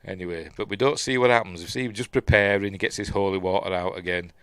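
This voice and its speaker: A man's voice: low voice, steady tone, fast talker, fairly bright tone, smooth, no echo, clean studio sound. A man with a Yorkshire accent gives a casual, rambling watch-along commentary on a film, full of fillers and restarts, as host of his own show. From Yorkshire, England.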